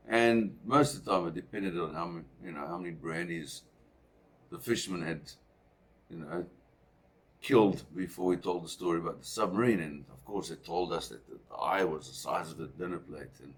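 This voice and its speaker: A man's voice: low voice, fairly quick, husky. A man from South Africa telling a personal story in a rambling, conversational way with asides.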